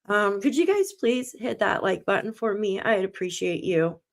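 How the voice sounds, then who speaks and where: Woman host of a true crime live stream, mid-pitched, reads news aloud, near tears. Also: sing-song, normal speed, gravelly. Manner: greets chat viewers by name, reads articles aloud, tearful. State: close to tears.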